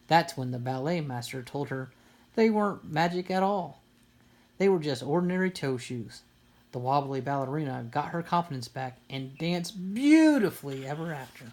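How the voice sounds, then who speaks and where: A woman reading a children's picture book aloud in an even storytelling manner. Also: deep voice. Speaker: storybook reader.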